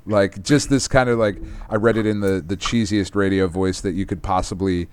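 A man's voice: on the low side, fairly even intonation, moderate pace, hardly any pauses, a little mellow, a little hiss or hum. A man from Texas, a podcast host casually recapping a comic book in a loose, profane, rambling way. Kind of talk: casual chat.

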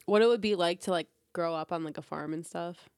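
A woman's voice: fairly low pitch, brisk, clean tone, dry recording, studio quality. A woman from Michigan with a Michigan accent, chatting casually as co-host, giggling and filling her talk with "like". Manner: giggly, chatty, lots of fillers. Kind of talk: casual chat.

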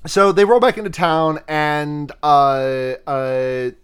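A man's voice: a little high, fairly even intonation, slow pace, a bit bright, clean tone. A man hosting a podcast, casually retelling a film's plot, profane and giggly, rambling with restarts. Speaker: podcast host.

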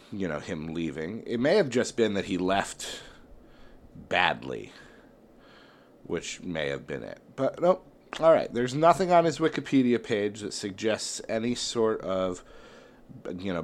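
Man thinking aloud, low voice. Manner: rambling, thinks aloud with many fillers and restarts. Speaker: wrestling tournament host. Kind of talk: casual solo commentary.

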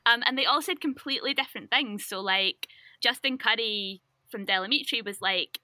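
Woman, chatty podcast guest, bright dry sound. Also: a little high, dry recording. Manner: chatty, upbeat, quick laughs. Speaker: podcast guest discussing research. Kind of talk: casual chat.

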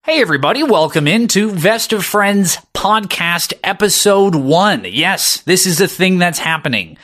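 A man's voice: high-pitched, lively intonation, moderate pace, a bit bright, soft background music. An upbeat man opens a comedy podcast with an earnest introduction. His voice sits a little above the usual for a man. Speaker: podcast host.

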